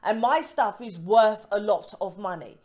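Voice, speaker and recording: A woman's voice: medium pitch, animated, unhurried, darkish tone. Emphatic, rambling woman reading tarot. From United Kingdom. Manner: emphatic, rambling, cuts herself off mid-word; keeps asking "right?" for agreement. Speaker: tarot reader. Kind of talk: casual tarot reading to camera.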